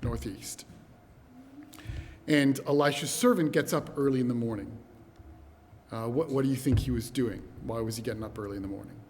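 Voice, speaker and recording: A man preaching a sermon, telling a scripture story in a lively, animated way and speaking to the congregation as brothers and sisters. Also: medium pitch, normal speed, pauses often, a little hiss or hum. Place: church hall. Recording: long hall reverb.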